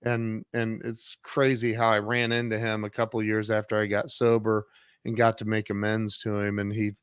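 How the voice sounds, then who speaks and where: A man's voice: lowish voice, completely flat delivery, normal speed, clean tone, no echo, studio quality. A middle-aged man, an author and CEO, telling his own story earnestly in an interview and acting out past dialogue. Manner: earnest, acts out past dialogue with sudden loud jumps.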